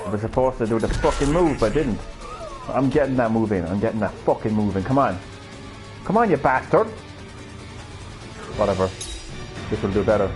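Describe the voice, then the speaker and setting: Sweary gamer ranting over game music. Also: male voice, lowish voice, fast talker. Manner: excitable, profane, sarcastic trash talk. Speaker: gaming streamer. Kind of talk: live gameplay commentary.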